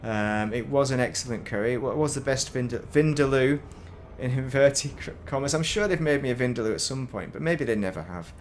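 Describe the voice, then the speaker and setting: A man's voice: mid-range voice, a little fast, hardly any pauses, slight background noise. A man casually commentating while he plays a space game, rambling and breaking off mid-sentence. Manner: rambling, self-interrupting, chatty. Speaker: game streamer.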